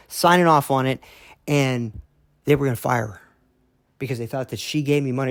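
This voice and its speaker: A man's voice: mid-range voice, normal speed, long pauses, no room sound, studio quality. A man telling his own story in a casual monologue, emphatic and blunt, with frequent "okay?" check-ins, repeated words and the odd curse. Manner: emphatic, keeps asking "okay?", repeats himself; blunt, swears now and then.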